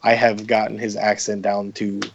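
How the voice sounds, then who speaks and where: A man's voice: fairly low pitch, monotone, moderate pace, highs cut off, a little hiss or hum. A man, a podcast guest, chatting casually in a rambling, profane way with many fillers. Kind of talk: casual chat.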